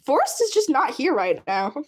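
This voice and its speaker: A woman's voice: sits high, very animated, normal speed. A woman telling a rambling, giggly story while drawing, with many fillers. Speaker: video creator.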